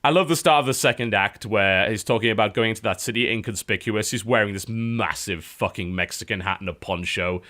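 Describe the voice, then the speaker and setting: A man hosting a casual gaming podcast, relaxed and wry. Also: fairly low pitch, brisk, hardly any pauses. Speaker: podcast host. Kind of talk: casual chat.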